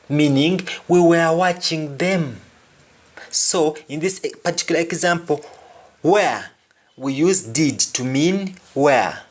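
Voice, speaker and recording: A man giving an explanatory language lesson as a teacher, deliberate and repeating each example phrase twice. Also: a little high.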